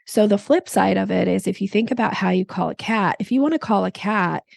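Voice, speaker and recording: A woman sales coach speaking as a podcast guest, explaining with lively examples and putting on playful voices. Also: medium pitch, brisk, creaky, no echo, clean studio sound. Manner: animated, acts out voices in examples. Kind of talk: podcast interview.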